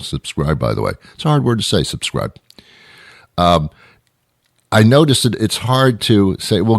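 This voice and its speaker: A man's voice: deep voice, no room sound, studio quality. A middle-aged man hosting a radio show, delivering an exasperated, rambling comedic monologue full of repeated questions.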